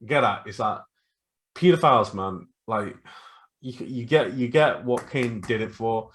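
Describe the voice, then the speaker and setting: A man co-hosting a casual podcast, retelling stories with lively acted-out quotes. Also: mid-range voice, unhurried. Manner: animated storytelling, acts out quotes. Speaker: podcast co-host. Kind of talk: casual chat.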